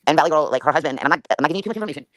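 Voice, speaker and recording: A woman's voice: low voice, animated, fairly bright tone, no echo. A woman talking as a guest on a livestream, emotional and swearing freely in heated conversation. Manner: rapid, profane and emotional.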